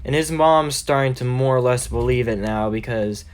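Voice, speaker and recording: A man's voice: mid-range voice, normal speed. Man rambling through a fan story. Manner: rambling, filler-heavy, self-correcting. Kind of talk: casual fan-story narration.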